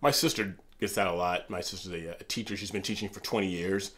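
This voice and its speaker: A middle-aged man from Los Angeles co-hosts a casual political talk show. His voice sits low, and he tells personal stories with emphatic energy. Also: fairly even intonation, fast talker, fairly bright tone. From Los Angeles, USA. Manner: emphatic, storytelling. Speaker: podcast co-host.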